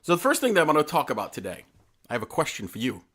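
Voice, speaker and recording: A man's voice: a little high, wildly swooping pitch, fairly bright tone. A man co-hosting a casual podcast, telling history stories with a joking, teasing delivery. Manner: quick, joking storyteller who presents history with a teasing hook. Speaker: podcast co-host.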